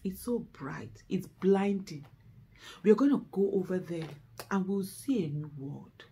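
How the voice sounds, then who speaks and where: Speaking to camera a little slowly, a middle-aged Nigerian woman activist uses a fairly low, dark voice with a breathy edge and animated delivery, in a Nigerian accent. Her emotional, impassioned speech swells into exasperated outbursts as she grows tearful and close to breaking down.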